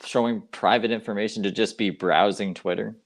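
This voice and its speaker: A man's voice: on the low side, fairly even intonation, a little fast. A man interjecting and teasing during a casual stream chat.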